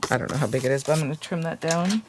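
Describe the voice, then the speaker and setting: A woman's voice: low-pitched, racing. Woman crafter rambling thru a tutorial, um-ing a lot, faint hiss behind. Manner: chatty, thinks aloud, many fillers. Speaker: craft channel host.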